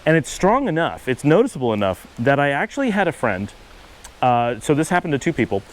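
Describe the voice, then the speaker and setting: A man's voice: mid-range voice, very animated, a little fast, rough recording. A middle-aged man from Western New York with a Buffalo accent, talking casually and patiently, with asides and self-corrections. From Western New York, USA. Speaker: channel host. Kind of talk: casual explanatory monologue.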